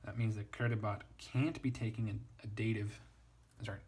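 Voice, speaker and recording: Man, low husky voice, relaxed Latin tutor who muses aloud and pokes fun at himself. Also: moderate pace. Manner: wry, self-deprecating, works through ideas aloud. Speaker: Latin teacher. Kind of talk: casual spoken lesson, thinking aloud.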